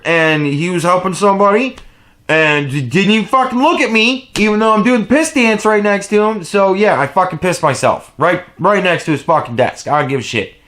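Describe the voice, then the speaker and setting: A man in his late thirties rambling through a profane story in a casual vlog, laughing often and swinging between low mumbles and loud outbursts. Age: 30s. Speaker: vlogger.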